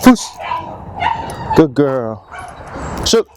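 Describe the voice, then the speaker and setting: A man's voice: medium pitch, very animated, extremely slow, background noise. A man training his dog, repeating commands and praise.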